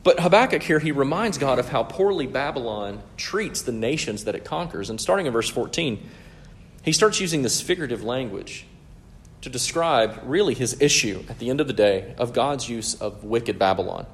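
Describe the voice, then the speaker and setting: A pastor with an expressive, mid-range voice preaches at normal speed in an earnest, teaching style, frequently checking in with his listeners. There's a little hiss or hum in the audio.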